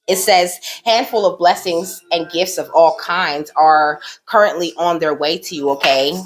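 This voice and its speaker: A woman with a fairly low voice reads oracle cards aloud to her viewers in a relaxed, chatty way. She keeps reassuring them and ends nearly every sentence with a questioning "okay?". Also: measured pace, a little hiss or hum. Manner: affectionate, reassuring, speaks directly to the viewer. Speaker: spiritual card reader. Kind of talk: casual oracle card reading to camera.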